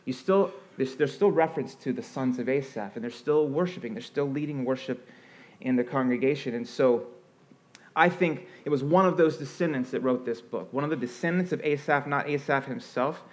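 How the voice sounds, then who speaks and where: Earnest male preacher, expressive delivery. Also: mid-range voice, moderate pace. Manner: earnest, expressive, rises and falls for emphasis. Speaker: pastor. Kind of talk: sermon.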